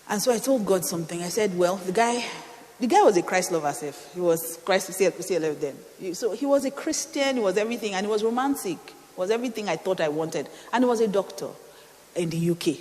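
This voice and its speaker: A middle-aged woman pastor, preaching a sermon with animated storytelling and playful asides. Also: medium pitch, a little fast, in a large hall. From Nigeria.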